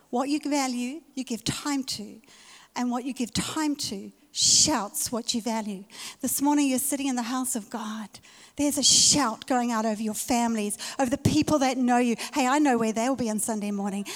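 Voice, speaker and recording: Aussie lady preaching, punches and repeats her points, big echoey church. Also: fairly high pitch. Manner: emphatic, repeats key phrases. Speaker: pastor. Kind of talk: sermon. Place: church hall. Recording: reverberant church hall.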